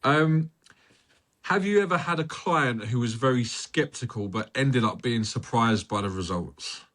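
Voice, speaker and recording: A man's voice: medium pitch, expressive, a little slow, fairly bright tone. A man hosting a casual podcast, asking questions and encouraging his guest. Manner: encouraging, affirming interjections. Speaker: podcast host.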